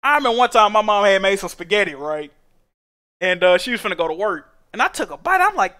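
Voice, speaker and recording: A young man streaming a game, telling stories in animated, profane slang. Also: high-pitched, quick pace. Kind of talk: casual chat while gaming.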